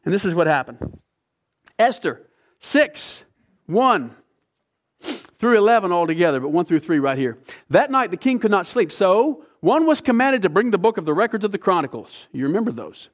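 A man preaching a sermon, retelling a story with lively acted-out voices. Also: high voice, moderate pace. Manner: animated storytelling, acting out voices. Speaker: pastor.

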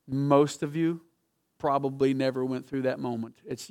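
A male pastor preaching a sermon in a church, swinging from quiet asides to loud, emphatic scripture reading. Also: medium pitch, steady tone, normal speed.

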